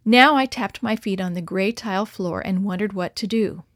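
Woman narrator for a children's story, animated reading, dry booth sound. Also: mid-range voice, moderate pace, no echo. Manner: expressive, lively reading of dialogue.

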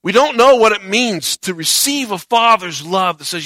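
Male pastor, sermon delivery, bright tense tone, dramatic swings in volume, acts out voices. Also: extremely high pitch, normal speed, hardly any pauses, no echo. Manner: animated preaching, acts out quoted voices, swings loud and soft.

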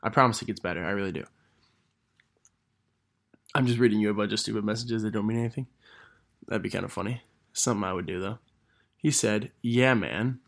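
Young man, podcast host, rambling, self-mocking, gravelly fry. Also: fairly low pitch, brisk, long pauses, fairly bright tone. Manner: self-deprecating, rambling, reading old messages aloud. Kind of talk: casual podcast monologue.

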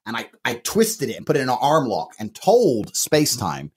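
A man's voice: mid-range voice, huge pitch swings, normal speed, few pauses, a little mellow, husky. A man co-hosting a podcast in brash, bragging, hyped banter, cursing freely. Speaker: podcast co-host. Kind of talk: casual boastful podcast banter.

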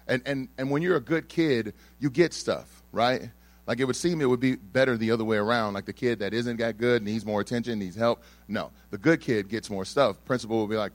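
A man's voice: medium pitch, a little fast, no room sound. A young man from Texas giving a sermon, telling his own story in a casual, joking way with plenty of ums. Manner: conversational, humorous storytelling with frequent fillers. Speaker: speaker giving a testimony sermon.

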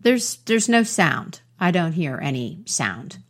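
A woman's voice: low-pitched, very animated, slow pace, full character voice. A woman voicing a scornful male mouse who scoffs in a storybook tale. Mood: scoffing.

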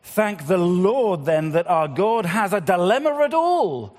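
A man preaching a sermon, swinging between loud appeals and hushed, slow passages. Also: high-pitched, very animated. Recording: long hall reverb.

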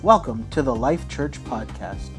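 A man with a mid-range voice reads the opening welcome of a church podcast. His delivery is scripted and inviting. Soft music plays behind him. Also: mid-range voice, animated, measured pace. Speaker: podcast announcer.

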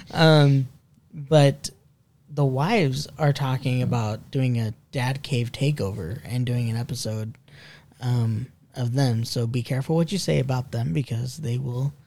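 A man's voice: mid-range voice, fairly even intonation, a little slow, darkish tone. A man hosting a casual podcast chat with friends, rambling with fillers and laughing often. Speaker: podcast host. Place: basement room.

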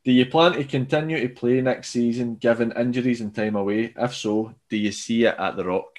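A man's voice: mid-range voice, fairly even intonation, brisk. A man with a Scottish accent hosting a casual interview, reading out listener questions. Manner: reads out listener questions, laughs along. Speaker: podcast host.

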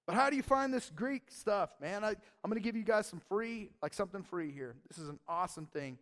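Man, very high voice, animated casual sermon, slangy, playful. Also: brisk, few pauses. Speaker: pastor.

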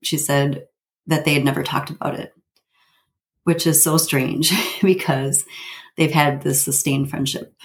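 A woman in her fifties with a notably low voice tells a personal story. She speaks haltingly, with plenty of fillers and nervous little laughs. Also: little pitch movement. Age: 50s. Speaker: guest telling her family story.

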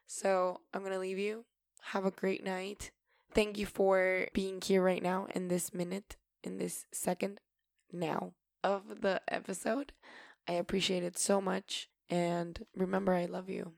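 Gravelly-voiced woman podcaster. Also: medium pitch, little pitch movement, measured pace, no echo, studio quality. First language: Spanish. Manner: chatty and emotional, swears casually, bursts of loud laughter-like emphasis. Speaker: podcast host. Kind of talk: casual solo podcast monologue.

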